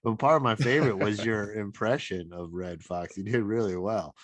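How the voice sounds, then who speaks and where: A man co-hosts a casual podcast, a stand-up comic with a low, dry, close-miked voice. He tells stories with animation and slips into the voices of the people he quotes. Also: moderate pace, dry recording. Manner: animated storyteller who acts out quoted voices. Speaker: podcast co-host and stand-up comedian. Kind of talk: casual podcast chat and storytelling.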